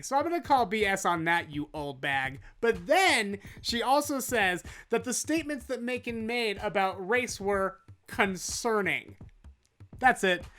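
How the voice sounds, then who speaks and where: A woman delivers comedic news commentary in a sarcastic, mocking rant, her pitch sitting squarely in the middle of the usual range. Faint music plays softly behind her.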